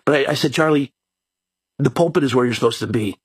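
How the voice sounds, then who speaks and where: Rambling storytelling pastor, husky. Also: male voice, mid-range voice, quick pace, dry recording. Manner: rambling, repeats words, folksy sayings. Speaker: mayor and pastor. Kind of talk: storytelling in a conversation.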